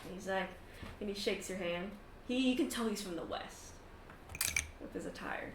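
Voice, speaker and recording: A woman narrating a tabletop game as game master, casual and quick with frequent laughs. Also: mid-range voice, recorded from a distance. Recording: echoey room, faint noise.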